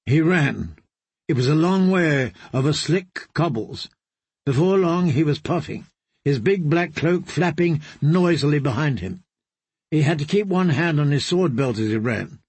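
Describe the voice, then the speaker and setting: A male audiobook narrator with a husky, slightly high voice, reading in a steady storytelling way. The sound is dry and close to the mic. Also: a little slow, no room sound. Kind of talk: scripted narration.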